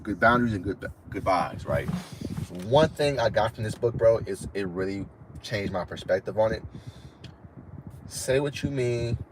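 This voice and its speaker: Young man, deep low voice, casual live-stream advice, keeps saying bro, noisy background. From Florida. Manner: casual, says "bro" constantly, repeats points. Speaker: online fitness trainer.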